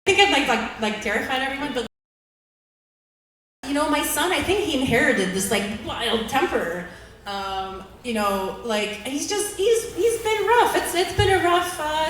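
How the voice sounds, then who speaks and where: A woman's voice: sits high, lively intonation, moderate pace. Chatty woman comic in an echoey room. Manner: chatty, filler-heavy, self-mocking, bursts into loud quoted outbursts. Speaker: stand-up comic. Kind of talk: stand-up storytelling. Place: open mic venue. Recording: echoey room, mic heard from far off.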